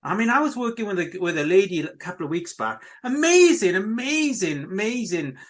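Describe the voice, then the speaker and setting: Animated high-voiced middle-aged man host. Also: fairly quick. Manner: enthusiastic, rambling, repeats himself. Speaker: podcast host. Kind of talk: casual monologue to listeners.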